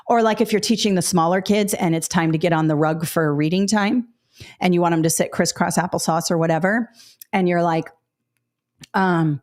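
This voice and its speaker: A woman giving practical advice to new teachers in a webinar, in a lively storytelling way that acts out what she says to students. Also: lowish voice, fairly quick.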